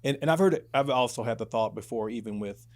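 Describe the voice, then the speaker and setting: A man hosts a conversation in a podcast studio. He answers his guest in a reflective, agreeable way and often restarts his sentences. His pitch is an ordinary middle range for a man. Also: quick pace. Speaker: podcast host.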